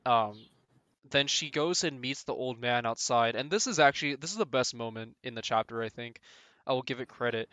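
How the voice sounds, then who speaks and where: A man's voice: mid-range voice, brisk, a bit bright, dry recording. A man co-hosting a casual podcast, recapping a manga chapter and ranting in exasperation, laughing often. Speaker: podcast co-host.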